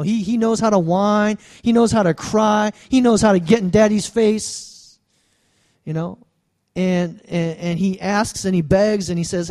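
A man's voice: high voice, darkish tone. A man in his thirties preaching a sermon, with call-and-response asides to the congregation. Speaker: pastor.

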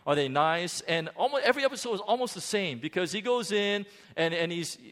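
A man preaches with a lively, swooping delivery, his voice sitting a little higher than most men's. He leans on dramatic pauses and restarts as he drives his points home. A long hall reverb trails behind every phrase. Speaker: pastor. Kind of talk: sermon.

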